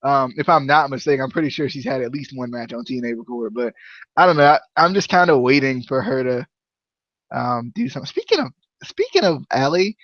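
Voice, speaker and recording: A man's voice: mid-range voice, animated, fairly quick, fairly bright tone, no room sound, highs cut off. A man hosting a casual wrestling review podcast, rambling with lots of fillers, restarts and laughter. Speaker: podcast host.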